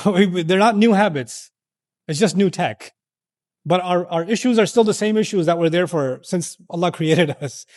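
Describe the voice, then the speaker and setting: A man with a high-pitched voice lectures on scripture before a live audience. He is animated and conversational, and he keeps asking rhetorical questions and slipping into the voices he quotes. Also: moderate pace. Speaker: Islamic lecturer.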